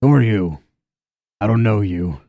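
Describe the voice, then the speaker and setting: A wounded, worn-out orc, as a game master puts him on, muttering in a low, tired grumble. The voice sits low and the sound is close and dry. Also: male voice, expressive, unhurried, warm tone, dry recording. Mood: weary.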